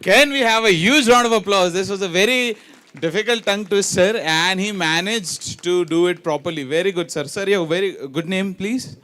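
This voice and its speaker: At a ceremony in a large hall, a male event host with a high, sharp-toned voice speaks at a moderate pace. He's a lively emcee running a quiz game, playfully teasing teachers with tongue twisters and switching between English and Hindi.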